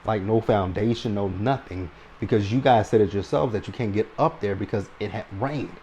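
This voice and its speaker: A reality TV recap host with a fairly low voice chats his way through an episode at normal speed. He's relaxed and long-winded, constantly adding "right?" to his points, with a faint room hum behind him.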